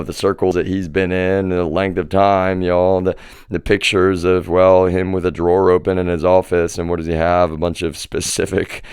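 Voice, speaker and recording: A man livestreams from his home, launching into an agitated, profanity-laced monologue and calling his viewers "y'all" over and over. His voice sits low with a darkish, clear, resonant tone, and the studio-quality recording has no room sound.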